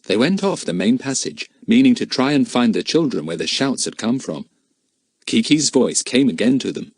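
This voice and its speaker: Lively male storybook narrator. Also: mid-range voice, moderate pace, dry recording. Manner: lively, expressive reading. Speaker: audiobook narrator.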